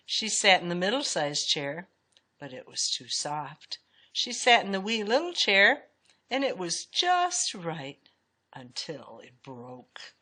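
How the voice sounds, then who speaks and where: A woman reads a children's storybook aloud in a lowish voice. Her delivery is expressive and swings up and down the way storytelling does. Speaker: storybook reader.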